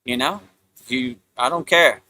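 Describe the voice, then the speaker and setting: Hosting a live spiritual talk as a casual live-stream monologue, a man rambles loosely and repetitively, often saying "you know" and mocking others with put-on voices. His voice is medium-pitched, pushed and bright, at a measured pace.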